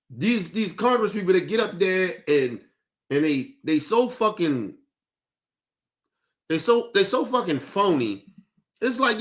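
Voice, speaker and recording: Heated, cursing man with a high voice. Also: pushed and bright. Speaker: podcast host. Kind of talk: profane rant on a talk show.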